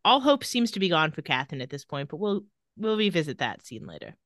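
A woman's voice: sits low, big pitch swings, quick pace, fairly bright tone, no room sound. A woman co-hosting a podcast, casually recapping TV scenes with quoted lines and dry asides. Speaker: podcast co-host recapping a TV episode. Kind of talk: casual chat.

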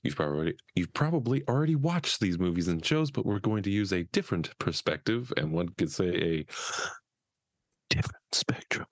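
A man's voice: low voice, expressive, fairly quick, few pauses, no echo. A man co-hosting a podcast about mental health in casual, jokey chat, a bit stuffy from a slight cold. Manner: jokey, self-deprecating, laughs often. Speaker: podcast co-host.

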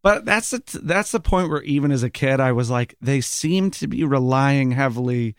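A man's voice: medium pitch, normal speed, smooth, no room sound, studio quality. A man in casual podcast chat, retelling scenes animatedly and acting out bits of dialogue. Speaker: podcast panelist.

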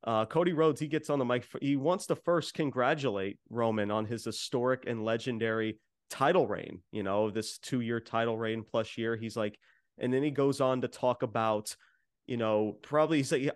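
Man, podcast co-host, chatty rambling recap full of "you know" and half-acted quotes, mid-pitched voice, dry close sound with no room. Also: fairly even intonation, normal speed, dry recording. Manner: rambling, many fillers, re-enacting quotes. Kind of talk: casual wrestling show recap.

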